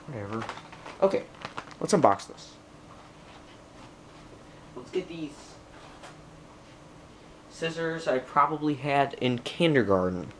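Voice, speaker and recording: A young tech vlogger rambles through a casual computer unboxing, talking to himself and the machine and getting easily frustrated. His mid-range voice is animated but slow, with frequent pauses. A little hiss or hum sits under the audio.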